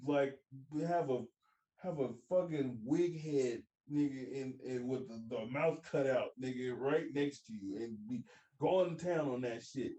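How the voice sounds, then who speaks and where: A man's voice: medium pitch, a little slow, dark tone, reverberant, poor audio. A young man hosting a podcast, talking bluntly and profanely in casual banter and laughing as he talks. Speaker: podcast host.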